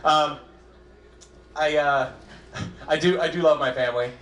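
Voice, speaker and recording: A young man doing a stand-up comedy set on a club stage, self-deprecating and halting, with frequent restarts. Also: fairly high pitch, fairly bright tone, a little hiss or hum. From Southern California. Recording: echoey club room, faint crowd ambience.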